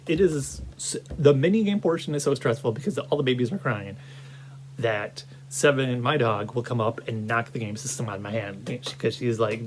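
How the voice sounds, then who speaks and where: A man rambling through a casual video game review in a mid-pitched voice. He talks with lots of energy and often breaks off to restart a thought. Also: normal speed, slight background noise. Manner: animated, rambling, many restarts.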